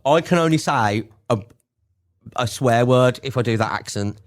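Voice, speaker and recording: Radio co-host guy, rambling and jokey, mid pitch, keeps restarting. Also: normal speed. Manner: rambling, stumbling restarts, joking. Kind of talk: casual chat.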